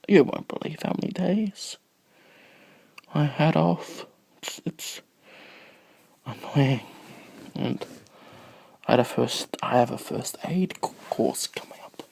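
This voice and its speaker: Speaking slowly with long pauses into a phone camera, a sick man with a cough addresses his video blog viewers in a rambling, easily distracted monologue that drifts into whispers. His mid-range voice is husky and darkish, with vocal fry.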